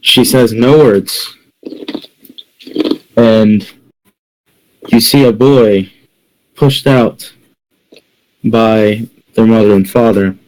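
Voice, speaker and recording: A man narrating a tabletop game as game master, calmly describing scenes to the players. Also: lowish voice, poor audio. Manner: unhurried, describes scenes in second person.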